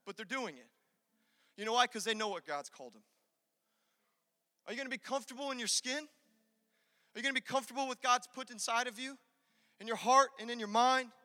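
High, bright preaching man in a reverberant hall. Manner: preachy, emphatic, swings from loud urging to quiet intensity. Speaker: pastor. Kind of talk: sermon. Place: church sanctuary.

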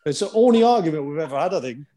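A man with a slightly higher-than-average voice tells animated dressing-room stories in a casual chat. He hosts the conversation and chuckles as he goes. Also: very fast, slight background noise. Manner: animated anecdotal storyteller, chuckles often. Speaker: podcast host and former footballer.

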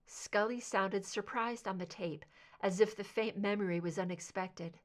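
A woman narrating a fan fiction audiobook in a steady, even storytelling manner. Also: mid-range voice, moderate pace. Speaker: audiobook reader.

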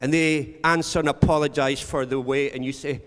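A man's voice: medium pitch, steady tone, moderate pace, fairly bright tone, smooth. A man preaching a sermon, earnest and storytelling, repeating words for emphasis. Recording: long reverb of a large hall.

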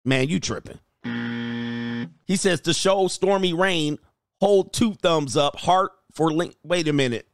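A man's voice: on the high side, a little slow, no room sound, studio quality. A man hosting a show, chatting casually as he reads viewer comments aloud, exclaiming and laughing often. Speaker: host and coach.

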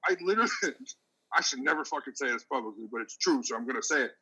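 Middle-aged male lifter host, bright, forceful tone, swears freely, animated storyteller. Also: mid-range voice, fast, muffled recording. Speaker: podcast host, veteran powerlifter. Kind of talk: casual chat.

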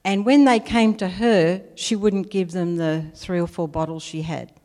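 A woman's voice: on the low side, fairly even intonation, measured pace, darkish tone. Aussie woman telling church stories, chatty, lots of reverb from a big hall. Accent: Australian. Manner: chatty anecdotal storytelling, laughs at herself. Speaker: preacher. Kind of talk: personal testimony sermon.

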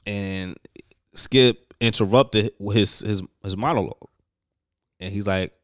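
A man's voice: lowish voice, very animated, moderate pace, a bit bright, no echo, clean studio sound. A man co-hosting a podcast, talking loosely and profanely in casual chat and laughing often.

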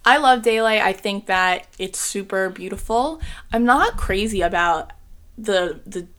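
A woman's voice: medium pitch, lively intonation, unhurried, a bit bright. A young woman co-hosting a casual podcast, gushing and emotional, choked up and near tears, with lots of "like" and "um". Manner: gushing, emotional, says "like" and "um" a lot. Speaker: podcast co-host.

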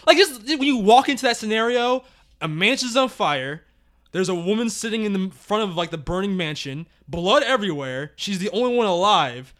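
A man talks through a film with a co-host, his voice high and bright. He swings widely in pitch as he acts out characters' lines, swears freely, and keeps breaking into loud laughter. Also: moderate pace. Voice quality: animated, profane, loud bursts of laughter. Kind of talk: casual movie review chat.

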